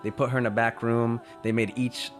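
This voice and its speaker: A man's voice: medium pitch, flat delivery, brisk, faint music behind. A man telling a story in a casual, conversational way. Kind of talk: storytelling talk.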